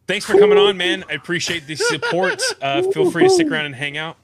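A man's voice: very high voice, huge pitch swings, fast, a loud crowd. A man hosting a stream in casual chat, laughing easily and rambling.

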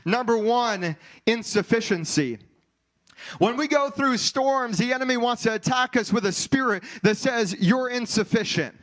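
Pastor, man, very high-pitched voice, sermon delivery with sing-song runs and shouted peaks. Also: normal speed, rough recording. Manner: preaching with rising sung cadences and shouts.

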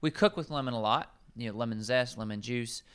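A man's voice: medium pitch, fairly quick, a bit bright, smooth. A man, a nutrition coach, explaining herbs in casual podcast conversation, rambling and correcting himself as he goes.

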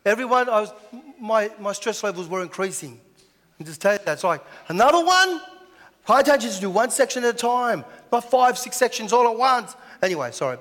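A man's voice: high-pitched, expressive, a little fast, a bit bright. A man preaching a sermon as pastor, chatty, with lots of rhetorical questions. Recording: echoey hall.

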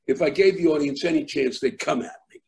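A middle-aged man, a comedian, telling a rambling story in conversation with many fillers and restarts, acting out shouting crowds. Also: fairly high pitch, fairly quick, vocal fry. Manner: animated, acts out shouting crowds. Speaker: comedian guest.

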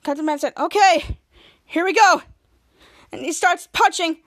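A woman's voice: very high-pitched, unhurried, no echo, clean studio sound. A woman voicing a smug adult male superhero who fires off showy retorts. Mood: taunting.

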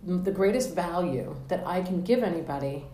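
A woman's voice: fairly low pitch, expressive, a little fast, dark tone. A woman hosting a casual podcast interview, bubbly and jokey, laughing often. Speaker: podcast host. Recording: roomy with faint background noise.

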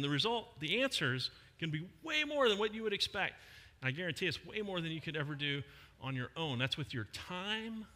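A middle-aged man preaches a sermon in a conversational, emphatic style, pausing to lean on key words. His voice is bright and fairly high, with lively swings of pitch. It rings out in a church hall with a long reverb. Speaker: pastor.

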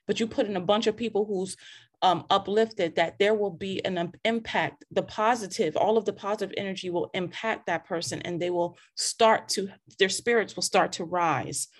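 A woman hosting a casual faith talk, animated and preachy, with many restarts and scripture quotes, heard over a video call. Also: medium pitch, normal speed. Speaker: podcast host.

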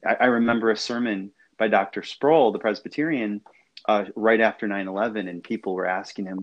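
Guy hosting a church chat, lowish voice, stumbles and repeats himself a lot. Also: brisk, lo-fi sound. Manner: hesitant, repeats words. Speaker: host. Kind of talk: casual discussion.

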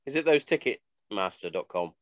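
A man's voice: fairly low pitch, expressive, moderate pace, dry recording. A man co-hosting a podcast, chatty and laughing often in casual talk. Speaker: podcast co-host.

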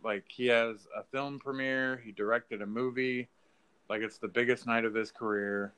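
A man co-hosting a podcast, chatting casually about a film, swearing freely and acting out lines in a high mocking voice. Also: steady tone, normal speed, a bit bright, clean tone. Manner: loose, profane, acts out lines in a high mocking voice. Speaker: podcast co-host. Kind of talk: casual movie review chat.

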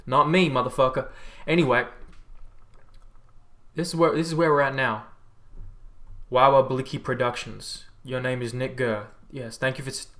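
An Australian man, a livestreamer and health coach, chats casually on a stream, reading viewer comments and rambling in a laid-back way while swearing freely. His mid-range voice is steady and fairly bright, at normal speed with frequent pauses.

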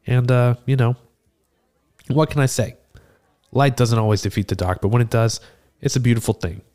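A man playing a seasoned male tortle cleric, telling a rambling, animated, self-deprecating tavern tale in a tabletop game. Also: mid-range voice, moderate pace, natural voice. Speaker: player. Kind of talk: in-character tavern storytelling.

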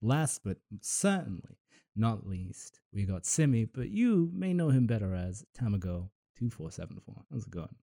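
A man's voice: on the low side, very animated, normal speed, vocal fry, mellow. Laid-back young man hosting a podcast. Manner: laid-back, jokey, laughs often. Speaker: podcast host. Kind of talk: casual chat.

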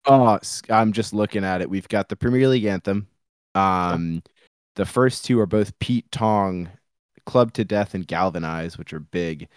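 Deep-voiced dry-joking American man. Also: a little slow, clean tone, no echo. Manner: dry, joking, trails off quietly. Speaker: podcast co-host. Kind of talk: casual chat.

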